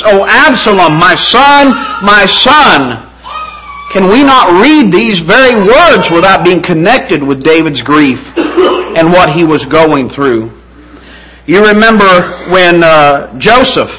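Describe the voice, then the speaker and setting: High, bright-voiced preacher man. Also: poor audio. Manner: earnest, rising to fervent emphasis. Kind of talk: sermon.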